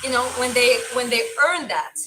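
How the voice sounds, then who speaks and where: A woman's voice: on the high side, normal speed, noisy background. A young woman with a mild Eastern European accent, chatting casually as a stream host and answering viewer comments. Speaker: livestream host and boxing coach.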